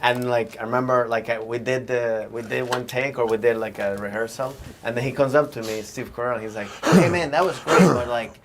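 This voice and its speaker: A man's voice: medium pitch, fairly quick, a bit bright. A man who is a comedian guest on a podcast, telling stories in a laid-back, profane way and laughing often. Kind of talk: casual chat.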